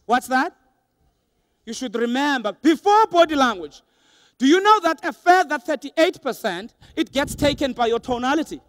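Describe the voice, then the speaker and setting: A young man with a high, light voice delivers a lively motivational talk to a big crowd. He acts out little scenes and voices for laughs. The sound is dry and close. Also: no room sound. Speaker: motivational speaker. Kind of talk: motivational keynote speech. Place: large hall with a live audience.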